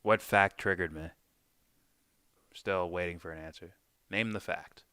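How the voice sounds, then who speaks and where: A man hosting a live stream, chatting casually, profane, animated and mocking. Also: sits low, a little slow, smooth, dry recording, studio quality. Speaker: stream host. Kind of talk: casual livestream chat.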